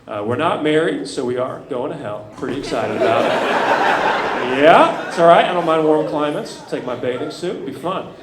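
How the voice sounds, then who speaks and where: Animated man doing stand-up in echoey club. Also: normal speed. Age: 30s. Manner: animated, jumps between loud outbursts and low mutters. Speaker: stand-up comedian. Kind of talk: stand-up set. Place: comedy club stage. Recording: echoey club with loud room noise.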